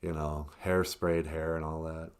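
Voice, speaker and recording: A man chatting casually on a live stream, rambling, chuckling often and trailing off quietly. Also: rumbling low, little pitch movement, unhurried, clean tone.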